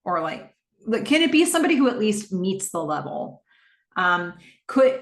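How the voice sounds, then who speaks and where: A woman's voice: on the low side, fairly bright tone. A woman hosting a podcast, recapping a TV episode in a reflective way and asking her listeners what they think, with frequent fillers. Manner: reflective, asks listeners questions; narrates scenes with frequent fillers. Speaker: podcast host. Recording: echoey room.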